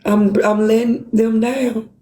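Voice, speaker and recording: A high-pitched woman pours out her feelings to her supporters, passionate, blunt and full of curses. Her voice bounces around a roomy, echoing space. She scolds herself as she speaks. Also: flat delivery, slow, dark tone. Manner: impassioned, profane, self-reproaching. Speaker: livestream host. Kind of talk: emotional livestream talk.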